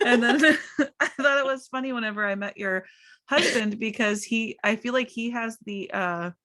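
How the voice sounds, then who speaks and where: A woman's voice: a little high, normal speed, bright, forceful tone. An American woman hosting a podcast, talking in a rambling, casual way. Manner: rambling, many fillers and restarts. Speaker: podcast host. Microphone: laptop.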